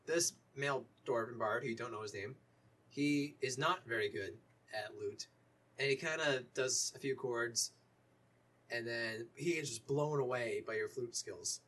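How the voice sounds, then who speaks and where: A young man with a husky voice, narrating a tabletop role-playing game as game master in a loose, joking way. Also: mid-range voice, measured pace, bright, forceful tone.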